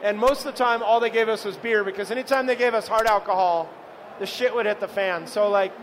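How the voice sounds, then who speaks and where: A man's voice: sits high, a little fast, fairly bright tone, slight background noise, poor audio. A man, a chef, giving a live cooking demo to an audience, chatting and telling stories as he cooks. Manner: chatty, storytelling, addresses the audience.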